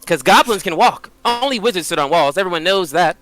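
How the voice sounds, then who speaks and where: A man's voice: sits high, lively intonation, a little fast, fairly bright tone, soft background music, pitched above the performer's own voice, poor audio. A man playing a young female adventurer in a tabletop game, taunting with sarcasm. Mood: mocking.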